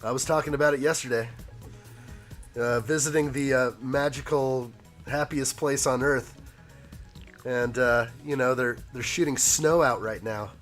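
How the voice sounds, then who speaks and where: Hoarse man chatting on a live stream. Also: mid-range voice, steady tone, a little slow, a bit bright, faint music behind. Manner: chatty and joking, reads viewer comments aloud. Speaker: live stream host building a toy set. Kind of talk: casual live stream chat.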